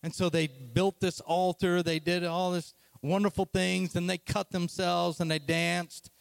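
A man preaching a sermon as a lively, casual, slangy retelling of a story. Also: high voice, unhurried, gravelly, no echo.

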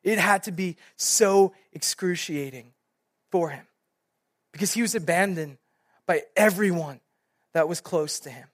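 Animated young man preaching a sermon. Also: sits high, measured pace, pauses often, no echo, clean studio sound. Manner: animated storytelling, many fillers like "like". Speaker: youth pastor.

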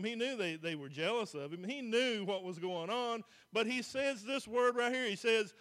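A pastor, preaching a folksy, plain-spoken sermon to a church congregation. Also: male voice, very high voice, a bit bright.

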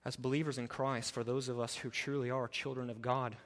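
A man preaching a sermon as pastor, passionate, swinging from loud emphatic stretches to quiet, low appeals. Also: steady tone, normal speed, long reverb tail. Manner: impassioned, rising to loud emphatic preaching then dropping low.

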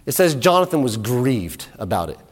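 A man preaching a sermon in animated storytelling style, often repeating words, in an echoey hall. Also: mid-range voice, moderate pace.

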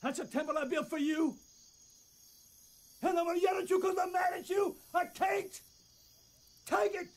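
An actor playing a distraught preacher who hollers and pleads with God in a film drama. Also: male voice, very high-pitched, flat delivery, normal speed, pauses often. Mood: pleading. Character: anguished male preacher shouting at God at night.

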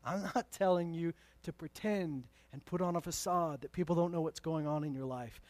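A male pastor preaching a sermon, emphatic and conversational, moving from loud declarations to hushed asides with playful remarks. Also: a little high, normal speed, dry recording.

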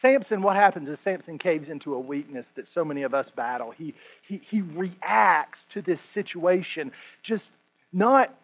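High-voiced joking preacher man. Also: normal speed, highs cut off. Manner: animated, joking, repeats words. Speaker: pastor. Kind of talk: sermon.

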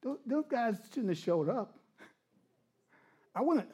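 High-voiced middle-aged male preacher. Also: slow, breathy edge. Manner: animated storytelling that drops to hushed, intimate tones; laughs often while telling stories. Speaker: pastor. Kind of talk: sermon.

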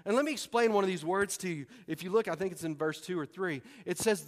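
A man preaching a sermon in a folksy, excitable way, breaking into sudden loud bursts. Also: high-pitched, quick pace, hardly any pauses. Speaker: pastor. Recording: long hall reverb.

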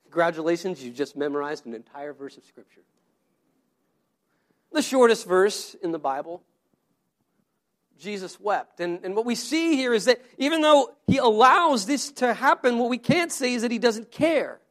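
High-voiced male pastor preaching. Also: lively intonation, moderate pace, a bit bright. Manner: conversational, repeats words, asks the congregation questions. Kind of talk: sermon.

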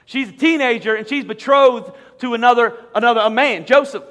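High-voiced pastor preaching in a big hall. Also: male voice, fairly quick, fairly bright tone. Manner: conversational, frequent word repetitions and humorous asides. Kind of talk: sermon. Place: large church auditorium. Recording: long hall reverb.

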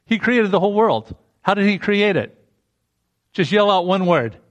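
A man's voice: sits high, lively intonation, normal speed, highs cut off. A man preaching a sermon in a conversational way, breaking into emphatic rising bursts.

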